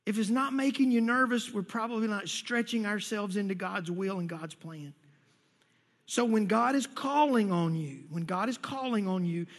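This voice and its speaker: A man preaching a sermon as pastor, talking in an animated, folksy way and repeating key phrases. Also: high-pitched, normal speed. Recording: long reverb of a large hall.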